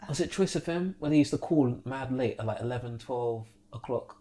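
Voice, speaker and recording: A man's voice: medium pitch, brisk, crowd noise. A young man co-hosting a casual podcast chat, laid-back and slangy. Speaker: podcast co-host.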